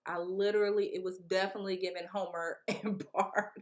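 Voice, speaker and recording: A young woman vlogging, telling a story in a casual, slangy, animated way and acting out what people said. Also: mid-range voice, fairly quick, hardly any pauses. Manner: animated, slangy, acts out quotes.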